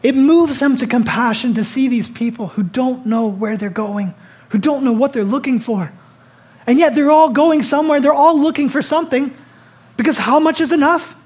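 This is a pastor preaching a sermon in an easy, conversational way. The voice keeps turning to the listeners with rhetorical questions, rising to urgent emphasis and then dropping to a hushed, intimate tone. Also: high voice, moderate pace. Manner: swings between loud urgent lines and soft hushed ones.

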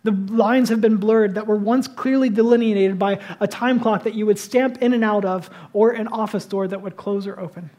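A man preaching a sermon in a high, light voice. He talks to the congregation in a relaxed, conversational way and is animated, then drops to a near-whisper to stress a point. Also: moderate pace, few pauses. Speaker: pastor.

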